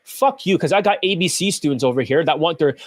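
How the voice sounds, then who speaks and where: Brief: male coach, high-pitched, furious profane rant, dry room. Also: fast talker, no room sound. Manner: profane, ranting, combative. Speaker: dating coach. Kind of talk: angry commentary over clips.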